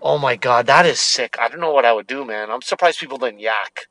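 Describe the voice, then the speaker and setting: A man co-hosting a casual podcast, reacting with loud exclamations and big laughs. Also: medium pitch, a little fast, no room sound, rough recording. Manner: animated, exclaiming and laughing loudly. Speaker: podcast co-host.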